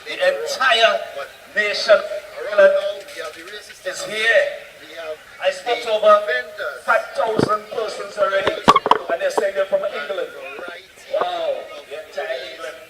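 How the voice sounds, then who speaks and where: High-voiced man teasing the crowd. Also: slow pace, pauses often, heavy background noise. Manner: playful, teasing, exclamatory. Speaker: roving reporter. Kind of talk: crowd interviews. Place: outdoors among a crowd at a sports ground. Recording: distant, echoey mic with loud crowd.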